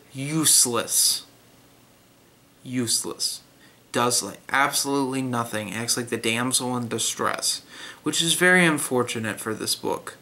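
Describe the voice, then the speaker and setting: A man's voice: medium pitch, bright, forceful tone. A young man giving a blunt, critical spoken book review in a casual way, with many fillers and restarts.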